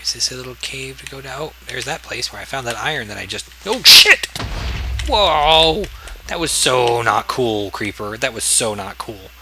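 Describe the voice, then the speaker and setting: A man of middle pitch chatting to himself as he plays, drifting from mumbled asides to sudden startled yelps. A steady hiss of noise sits under his voice throughout. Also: brisk, hardly any pauses. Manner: rambling self-talk, yelps and exclaims when attacked. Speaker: gaming video host. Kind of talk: casual let's-play commentary.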